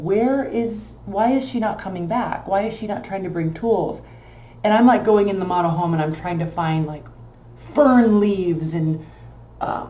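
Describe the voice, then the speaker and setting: Animated storytelling woman, echoey room. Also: lowish voice. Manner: animated, emotional, rambling anecdote. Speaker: tarot reader. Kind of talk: casual storytelling. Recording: echoey room with faint background hum.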